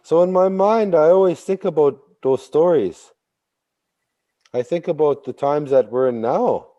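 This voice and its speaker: A man telling a traditional story slowly, repeating phrases and bursting into sudden animated emphasis. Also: a little high. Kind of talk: oral storytelling.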